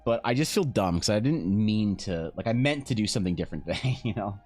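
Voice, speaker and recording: Low-voiced man rambling on stream. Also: animated, quick pace, darkish tone, soft background music. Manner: rambling storyteller, swears casually, laughs often. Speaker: art streamer. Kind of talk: casual chat while drawing on stream.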